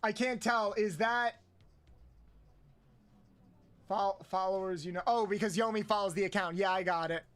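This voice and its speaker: A man streaming a game, counting aloud, swearing often and yelping high when frustrated. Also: normal speed, pauses often, a bit bright, clean tone. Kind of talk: casual live-stream chat while playing.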